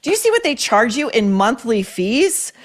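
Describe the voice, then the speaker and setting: A woman's voice: a little high, big pitch swings, moderate pace. Blunt, profane woman podcast host. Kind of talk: opinionated commentary reading listener emails.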